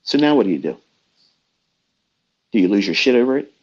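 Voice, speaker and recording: A man's voice: on the low side, big pitch swings, brisk. A middle-aged man mentoring traders in a blunt, profane, heated rant, heard over dull lo-fi online audio. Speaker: trading mentor. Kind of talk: ranting motivational talk.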